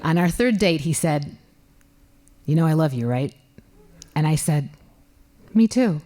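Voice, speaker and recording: A woman in her fifties telling a comic personal story on stage, animated and expressive. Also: low voice, a little slow. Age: 50s. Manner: animated, comic, voices her own exclamations loudly. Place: library event hall.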